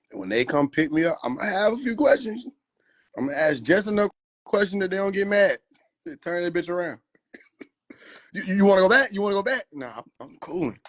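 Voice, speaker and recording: A man riffing in a casual livestream, profane, slangy and laughing often. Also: on the high side. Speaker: livestream host.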